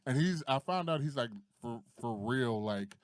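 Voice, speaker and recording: A man's voice: medium pitch, normal speed. A man co-hosting a podcast, in casual chat, telling stories with lots of swearing and acting out the voices of the people he quotes. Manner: animated, profane storytelling that acts out quoted voices. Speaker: podcast co-host.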